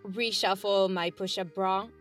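A woman's voice: mid-range voice, steady tone, a little slow, fairly bright tone, faint music behind. A woman playing in a tabletop role-play, hesitant and stammering as she thinks aloud. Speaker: player.

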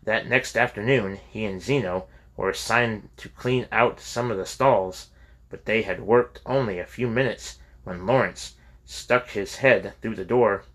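Guy reading a novel chapter, steady and measured, kinda low voice. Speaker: audiobook narrator. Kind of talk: scripted narration.

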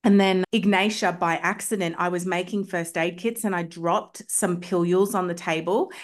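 A woman's voice: on the low side, fairly even intonation, normal speed. Chatty, enthusiastic woman guest. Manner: enthusiastic, chatty, frequent "like" fillers. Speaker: homeopath guest. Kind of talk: casual storytelling in a podcast interview.

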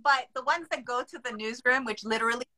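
A woman's voice: a little high, fast talker, bright, forceful tone, a little hiss or hum, rough recording. A woman from Hawaii hosting a casual chat, explaining things with chatty asides. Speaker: host.

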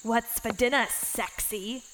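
Woman putting on a croaking flirty goblin. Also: on the high side, slow pace, big-room sound, slight background noise, poor audio. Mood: brash. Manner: croaking, loud. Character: brash flirtatious male goblin.

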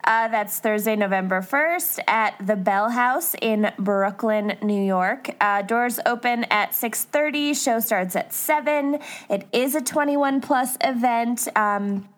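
High-pitched giggly woman podcast host. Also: takes it slowly, hardly any pauses. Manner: giggly, playful. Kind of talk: casual chat.

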